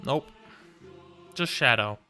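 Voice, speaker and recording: A man streaming a game with a bright, sharp-edged voice. He rambles casually, swears freely and talks sweetly to his cat. Faint game music plays behind him. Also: mid-range voice, expressive, slow. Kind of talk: casual gameplay commentary.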